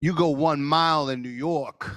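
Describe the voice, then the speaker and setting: A man presenting a marketing masterclass over a video call, animated and sometimes nearly shouting for emphasis. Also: fairly high pitch, normal speed, dry recording, clean studio sound. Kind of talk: energetic webinar teaching. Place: office studio.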